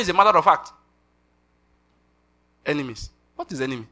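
A middle-aged Nigerian man preaching a sermon with animated delivery, slipping into pidgin asides and laughing. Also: fairly high pitch, a little fast.

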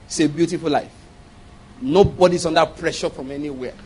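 Male pastor, animated sermon delivery with humorous asides, voice sits a bit high. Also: fairly quick, breathy edge, low-quality recording. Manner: animated, laughing asides, acted-out quotes.

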